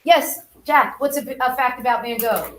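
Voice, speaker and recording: A woman's voice: high-pitched, moderate pace, roomy sound. A woman teaching an art class, talking chattily and directly to her students. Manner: chatty, talks straight to students.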